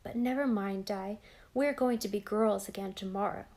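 A woman reading an audiobook aloud, narrating and voicing the dialogue in a gentle, expressive way. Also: mid-range voice, normal speed.

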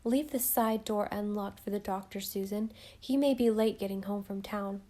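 A woman voicing a gentle, dreamy young wife, speaking softly with a slightly lifted voice. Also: mid-range voice, normal speed, natural voice.

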